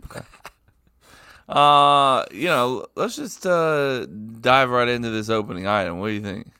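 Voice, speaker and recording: A man's voice: medium pitch, expressive, measured pace, pushed and bright, clear, resonant tone, no echo, clean studio sound. A man hosting a podcast, teasing his co-hosts in profane casual chat. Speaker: podcast host.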